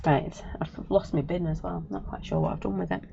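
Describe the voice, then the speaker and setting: A croaky woman hosts a live craft demo, rambling along in a chatty, apologetic way. Her voice is gravelly. The recording is dull and lo-fi. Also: low-pitched, sing-song, brisk, dark tone, slight background noise. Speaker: craft shop host. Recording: dull lo-fi sound.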